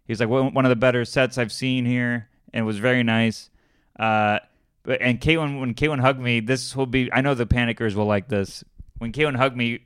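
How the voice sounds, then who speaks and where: A man's voice: mid-range voice, a bit bright, smooth, no room sound, clean studio sound. A man, a stand-up comedian, telling a rambling story in casual chat, with lots of fillers and laughs.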